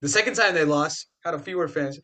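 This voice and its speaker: A young man co-hosting a podcast, talking sports in an animated, emphatic, trash-talking way. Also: fairly high pitch, fairly quick. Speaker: podcast co-host. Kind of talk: casual sports chat.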